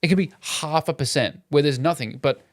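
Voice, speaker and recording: A young man co-hosting a podcast, chatting casually and telling animated, sweary stories. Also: a little high, fairly quick, dry recording, studio quality. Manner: storytelling, swearing, animated quoted voices. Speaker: podcast co-host. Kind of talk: casual chat.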